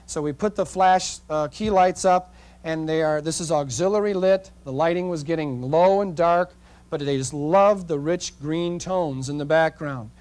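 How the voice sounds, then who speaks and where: Talking directly to the people in front of him, a middle-aged portrait photography teacher tells folksy, chatty tales from his shoots at a live seminar. He speaks at a normal speed in a slightly high, somewhat mellow voice.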